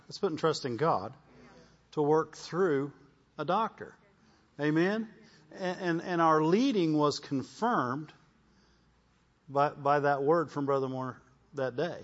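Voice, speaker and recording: A man's voice: on the high side, dull audio. A man preaching a testimony sermon, repeating his words and calling out "Amen?" to the congregation. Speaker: pastor.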